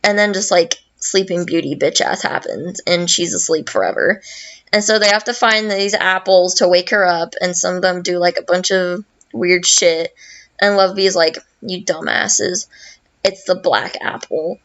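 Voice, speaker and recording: A woman's voice: on the low side, normal speed, a bit bright, lo-fi sound. A woman hosting a podcast, casually recapping a video game in a rambling, profane way full of fillers. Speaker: podcast host.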